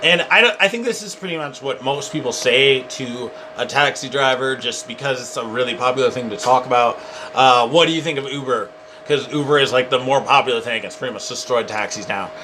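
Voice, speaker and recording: A young man telling a funny personal story to camera in a rambling, animated way, full of "like". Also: mid-range voice, a little fast, background noise. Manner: rambling, animated, heavy use of "like". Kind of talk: casual comedic storytime.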